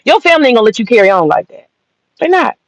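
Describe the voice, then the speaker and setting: Racing along in a sing-song, fairly high voice, a woman from the American South delivers a sassy, profane opinion rant full of blunt mockery. She's a commentator, recorded dull and lo-fi with no room sound.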